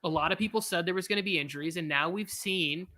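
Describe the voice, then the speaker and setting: Man, watch-party co-host, casual rambling game talk, bright forward tone. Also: high voice. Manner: rambling, quick asides, self-mocking. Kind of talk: casual live game commentary.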